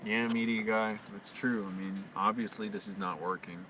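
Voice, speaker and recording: A man rambling through a late-night livestream monologue, talking quietly and anxiously to himself with frequent restarts. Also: lowish voice, steady tone, normal speed. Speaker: live streamer. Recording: distant mic with constant hum.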